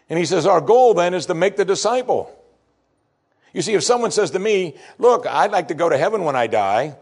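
A male pastor preaching a sermon, moving between quiet, reflective asides and sudden loud exclamations. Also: mid-range voice, husky.

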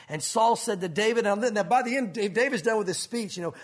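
A man preaching a sermon in an animated way, acting out scenes and speaking directly to his congregation. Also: sits high, fairly quick, few pauses, slightly rough. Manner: animated, acts out bible scenes with sound effects. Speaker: pastor.

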